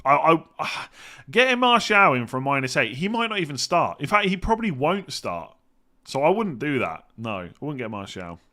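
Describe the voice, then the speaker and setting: A man's voice: fairly high pitch, big pitch swings, normal speed, pushed and bright. An English man hosting a live stream, answering viewer questions and thinking aloud in a rambling, casual way. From England. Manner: rambling, thinks aloud, hums while reading. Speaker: fantasy football streamer.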